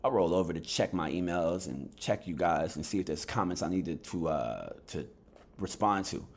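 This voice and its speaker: Guy with a lowish voice, just woke up, ranting on his boxing vlog, cussing a lot. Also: lively intonation, normal speed, slightly rough. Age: adult. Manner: heated, blunt rant with profanity. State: just woken up, lower energy. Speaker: YouTube boxing commentator. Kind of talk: casual vlog commentary.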